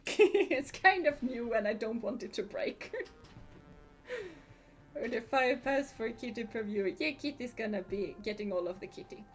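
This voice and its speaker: A woman's voice: a little high, expressive, measured pace, soft background music. Giggly woman chatting on stream. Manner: chatty, giggly, answers chat comments. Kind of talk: casual live-stream chat.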